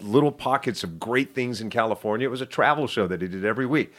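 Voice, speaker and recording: A middle-aged man telling stories from his life as an interview guest, lively and self-deprecating with quick asides. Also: medium pitch. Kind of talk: casual storytelling interview.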